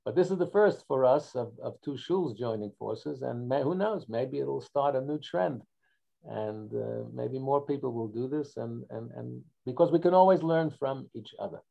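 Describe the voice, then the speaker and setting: A man hosting as rabbi, giving halting welcoming remarks with many restarts on a video call. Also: mid-range voice, vocal fry, dark tone, lo-fi sound. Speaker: rabbi hosting a joint congregation event.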